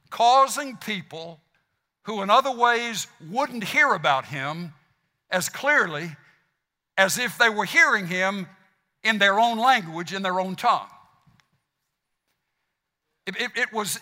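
Fired-up Southern pastor in echoing hall. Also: male voice, high-pitched. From South Mississippi. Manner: animated preaching with repeated stammered restarts. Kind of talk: sermon. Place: church sanctuary. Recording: long hall reverb.

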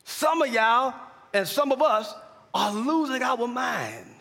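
A man preaching a sermon as pastor, calling to the congregation for responses and building to shouted climaxes. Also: very high voice, lively intonation, slow, vocal fry. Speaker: pastor and chaplain. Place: large church hall. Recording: long hall reverb.

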